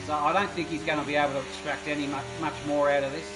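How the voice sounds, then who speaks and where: A man commentating a sim racing qualifying session, excitable and rambling with fillers. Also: on the high side, fast talker. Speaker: race commentator. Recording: noisy background of engine sounds. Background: racing car engine noise.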